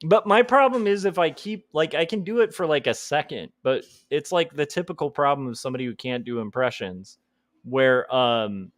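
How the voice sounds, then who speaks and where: A man's voice: a little high, lively intonation, moderate pace, no room sound, clean studio sound. A man chatting casually on his live stream while he draws, rambling and making jokes at his own expense. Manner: rambling, self-deprecating, joking. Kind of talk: casual livestream chat.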